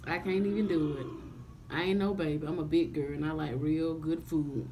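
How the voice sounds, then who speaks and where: A woman's voice: low voice, steady tone, normal speed, dark tone, slight background noise. A young woman vlogging casually to camera, groaning and gagging with exaggerated disgust. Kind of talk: casual vlog chat to camera.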